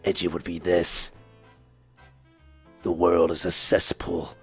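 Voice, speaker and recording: A man putting on a slow, low, theatrically gloomy voice as a brooding edgy type. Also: level tone, gravelly, slightly rough, faint music behind, heavily acted.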